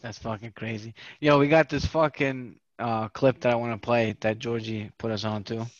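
A man's voice: medium pitch, steady tone, normal speed, no echo, lo-fi sound. A man co-hosting a casual podcast, laid-back and slangy. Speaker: podcast co-host.

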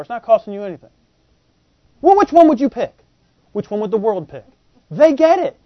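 A man preaching a sermon, folksy and animated, often acting out voices in the quotes he tells. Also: very high voice, brisk, dry recording. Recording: dull lo-fi podcast audio.

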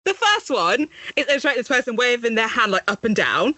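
A woman's voice: on the high side, big pitch swings, a little fast, bright, forceful tone, dry recording. A young woman, co-hosting a podcast and quizzing her friends in an exasperated, casual way. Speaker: podcast co-host. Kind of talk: casual chat.

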